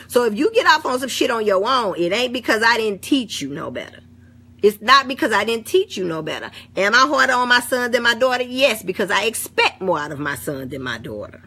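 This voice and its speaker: A woman's voice: fairly high pitch, sharp tone, breathy edge. A middle-aged woman with an African American St. Louis accent, talking bluntly and swearing freely in a casual chat. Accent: African American English, St. Louis. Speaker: vlogger. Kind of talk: casual talk to camera.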